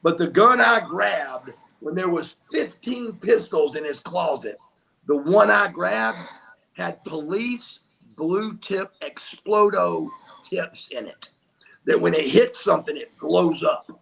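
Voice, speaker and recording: A man's voice: high-pitched, expressive, slow pace, gravelly, a bit bright. An older man, telling stories as an interview guest, emphatic and acting out what people said. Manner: emphatic, acts out quotes. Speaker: guest, former wrestler. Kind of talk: animated storytelling.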